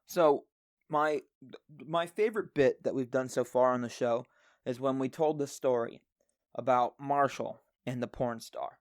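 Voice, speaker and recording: A man's voice: unhurried, dry recording. Profane, ranting man on a dry mic. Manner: profane, ranting, swings into loud high-pitched outbursts. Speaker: podcast co-host. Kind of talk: solo podcast rant. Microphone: handheld microphone.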